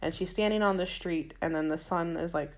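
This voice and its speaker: A woman with a Floridian American accent co-hosts a podcast, chatting casually and retelling film scenes. Her voice is on the low side and fairly quick, peppered with lots of "like" and "um."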